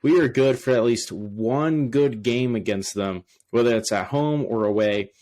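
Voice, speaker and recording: A man co-hosting a sports podcast, chatting casually and excitedly with frequent restarts. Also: mid-range voice, unhurried. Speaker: podcast co-host.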